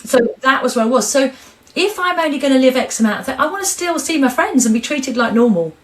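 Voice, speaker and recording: A woman's voice: high voice, fast talker. A middle-aged woman talking frankly and expressively as an interview guest. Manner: frank, expressive, animated storyteller. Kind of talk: candid interview conversation.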